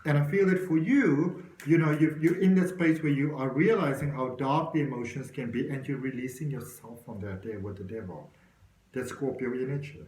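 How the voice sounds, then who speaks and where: Male tarot reader, encouraging and direct with the viewer, mid-pitched voice, roomy echo. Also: moderate pace, darkish tone. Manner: encouraging, talks straight to the viewer. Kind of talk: tarot reading to camera.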